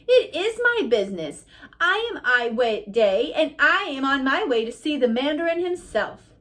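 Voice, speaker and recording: A woman's voice: high-pitched, big pitch swings, moderate pace, fairly bright tone, distant mic. A woman reading aloud, voicing a determined missionary woman who speaks firmly and earnestly. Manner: firm, earnest.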